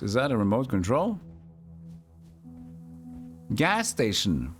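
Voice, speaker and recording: A man streaming a video game, muttering his thoughts aloud in a relaxed way. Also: fairly low pitch, slow, long pauses, soft background music.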